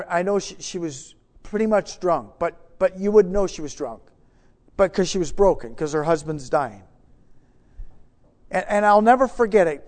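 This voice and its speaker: A man preaching, telling a story with many restarts, swinging from hushed to loud. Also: sits high. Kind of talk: sermon storytelling.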